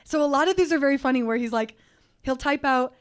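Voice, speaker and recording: Woman, high voice, comedy co-host, giggly, rambling, crude humor, live stage show. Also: fast. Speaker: podcast co-host. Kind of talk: live comedy podcast banter.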